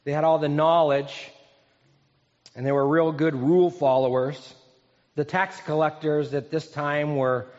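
A male pastor preaching in a relaxed, conversational way, telling stories with pauses and restarts. His voice sits a little high for a man. The sound is muffled and echoes through a large hall. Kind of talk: sermon. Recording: dull, echoey hall recording.

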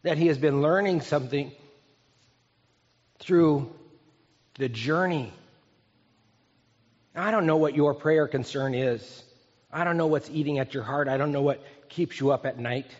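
A man's voice: a little high, unhurried, pauses often. A man in his fifties, a pastor preaching an earnest, conversational sermon that often asks the congregation questions. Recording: echoey hall, dull sound.

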